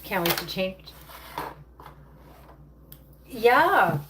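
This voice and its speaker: Baking and tidying in her home kitchen, a livestream host chats to viewers in a rambling, casual way. Her medium-pitched voice is very animated but extremely slow. The sound is roomy, distant and noisy, as kitchens tend to be.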